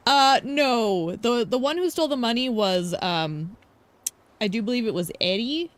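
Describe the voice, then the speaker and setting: A woman's voice: a little high, expressive, unhurried. A young woman streamer giving casual game commentary, gushing and giggly with playful drama.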